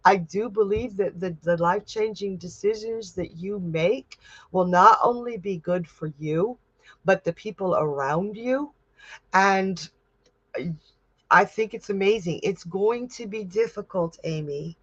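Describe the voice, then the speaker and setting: A woman working as a psychic medium who gives tarot readings on a livestream and reads viewer comments aloud in a gentle, comforting way. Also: mid-range voice, measured pace, breathy edge, no room sound, muffled recording.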